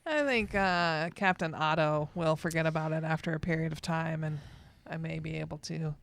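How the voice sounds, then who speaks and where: A woman's voice: low voice, moderate pace, creaky. A woman co-hosting a podcast, chatting casually and telling joking stories. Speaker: podcast co-host. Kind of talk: casual chat.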